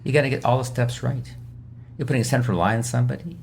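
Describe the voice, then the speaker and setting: This man talks at a quick pace in a medium-pitched, steady, creaky voice with a darkish tone, over slight background noise. As a guest expert on an emergency medicine podcast interview, he teaches emphatically about difficult patients, voicing their lines in quotes.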